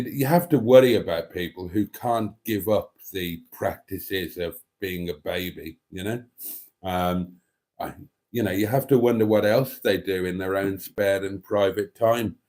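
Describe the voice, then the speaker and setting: A man hosting a live stream in a deadpan, mock-pompous way, rambling with many fillers as he reads out viewer comments. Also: on the low side.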